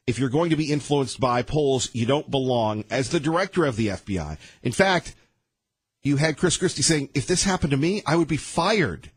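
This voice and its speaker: A man hosting a morning talk radio show, delivering rapid-fire sarcastic opinions. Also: medium pitch, slightly rough, dry recording. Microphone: studio microphone.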